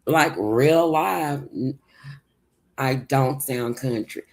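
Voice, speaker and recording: Sounding as if she's only just gotten out of bed, a Southern US country-accented woman hosts a livestream, chatting loosely and rambling in reply to viewers. Her pitch is extremely low, her tone darkish, her words drawn out.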